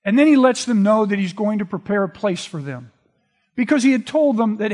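A man preaching a sermon, retelling scripture in a relaxed, conversational storytelling way. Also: sits high, fairly quick. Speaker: pastor. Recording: long reverb of a large hall.

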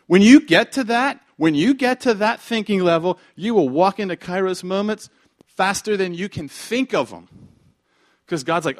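A man preaching a sermon in a conversational way, full of rhetorical questions and repetition, swinging from quiet asides to shouted emphasis. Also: high voice, expressive, normal speed. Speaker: pastor.

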